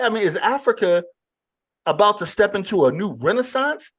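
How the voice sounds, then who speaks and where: A man with a high voice leads a casual online panel chat. His pitch swings all over as he fires off questions with a lot of hype. He keeps the talk moving. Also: moderate pace. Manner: animated, hyped questioning. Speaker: host.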